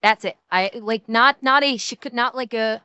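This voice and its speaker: A woman with a Midwestern American accent chats casually as a streamer, laughing often. Her voice is bright and crisp, slightly high, and recorded dry and close. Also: normal speed, no echo, highs cut off.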